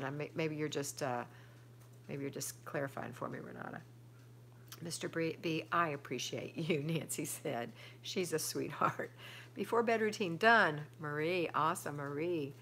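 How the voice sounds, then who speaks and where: A woman's voice: on the low side, gravelly, fairly bright tone, a little hiss or hum. A middle-aged woman, hosting a casual live stream at home and chatting as she reads viewer comments aloud and answers them. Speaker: livestream host reading viewer comments.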